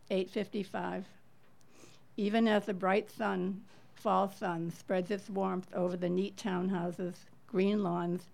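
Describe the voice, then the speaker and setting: A middle-aged woman reading a personal true story aloud to listeners, measured and earnest, leaning into the tense moments. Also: medium pitch, vocal fry, darkish tone.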